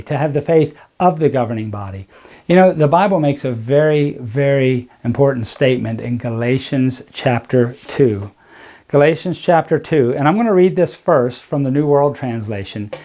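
A man with a warm, mellow voice talks through scripture in a deliberate, emphatic way. He slows down and leans on the words that matter to him. He speaks as the host of his own channel. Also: medium pitch. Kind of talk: commentary with bible reading.

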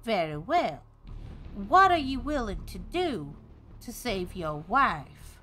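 A woman voicing a formal, pompous man who serves a dark king, precise and ominous. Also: mid-range voice, sing-song, slow, faint music behind.

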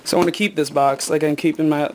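A teenage boy, out of breath and excited, rambling with lots of ums and self-corrections in a casual unboxing vlog. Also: a little high, quick pace, slight background noise. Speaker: gaming video maker.

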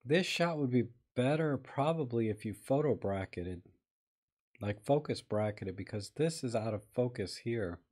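A man's voice: mid-range voice, lively intonation, normal speed, a little mellow. Chatty man editing photos live. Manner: chatty, thinking aloud, greets viewers while working. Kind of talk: casual live-stream commentary.

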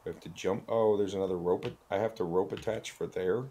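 A man's voice: low-pitched, steady tone, quick pace, dark tone, slightly rough. A male streamer giving chatty, jokey gameplay commentary while thinking aloud.

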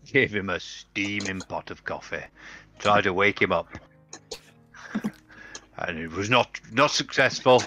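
A man's voice: on the low side, animated, measured pace, long pauses, bright, forceful tone, faint music behind. A man playing a tabletop game, finishing a story in a dry, understated way. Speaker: player.

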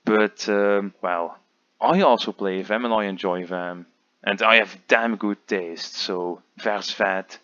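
Low, slow, rambling man. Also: fairly even intonation, fairly bright tone, dry recording, dull audio. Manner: rambling, self-mocking, lots of ums. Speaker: game creator commentating his own quest. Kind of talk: casual game commentary.

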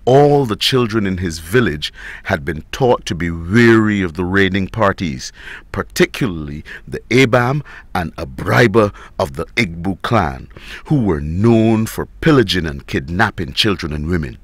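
A man reading a story aloud as narrator, in a dramatic, expressive way. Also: low voice, measured pace, no room sound.

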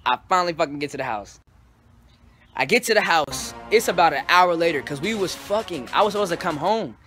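A young man telling a story in a casual, animated and profane way, full of slang. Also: on the high side, fairly quick, soft background music. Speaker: storytelling vlogger.

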